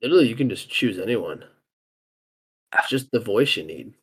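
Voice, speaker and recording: A man's voice: lowish voice, expressive, moderate pace, breathy edge. A man co-hosting a casual podcast, running through the picks and asking questions between giggles. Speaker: podcast co-host running the list. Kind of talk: casual group chat.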